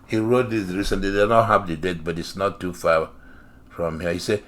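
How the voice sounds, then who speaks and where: A man's voice: deep voice, flat delivery, moderate pace, a bit bright. A man reading an article aloud and commenting on it. He talks in an emphatic, repetitive and sarcastic way.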